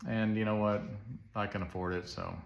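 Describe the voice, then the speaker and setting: A man's voice: lowish voice, level tone, normal speed, gravelly, highs cut off. A man voicing a rich male ruler who speaks in a casual, shrugging way. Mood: breezy. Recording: echoey room.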